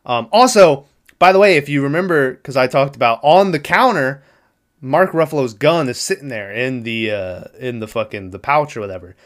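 A young man casually retelling a movie plot on a podcast, animated and swearing freely, acting out the lines. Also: mid-range voice, moderate pace. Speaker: podcast host recapping a movie. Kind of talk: casual chat.

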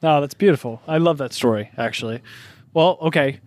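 A man's voice: a little high, a little fast, a little mellow. A man hosting a casual podcast conversation, supportive and hesitant, often restarting his questions. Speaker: podcast host. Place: outdoors in a backyard.

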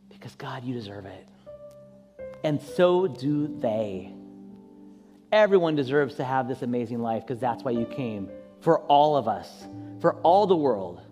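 A man preaching as a pastor, then leading an impassioned prayer that swells at its peaks. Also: in a large hall. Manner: impassioned prayer, rising high and loud at peaks. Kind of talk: sermon closing and prayer.

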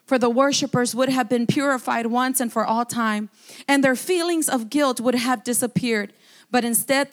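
A woman pastor preaching at a church service in a high, bright-toned voice. She reads scripture aloud with fervor and stops often to add her own exclamations of praise. Her delivery is heartfelt, in the manner of a sermon.

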